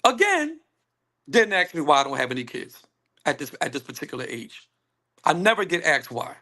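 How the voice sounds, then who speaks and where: A man speaking on a panel call, emphatic and animated, acting out what others say to him. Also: a little high, a little fast. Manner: animated, emphatic, acts out quoted women. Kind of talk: casual panel discussion. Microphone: phone on a call.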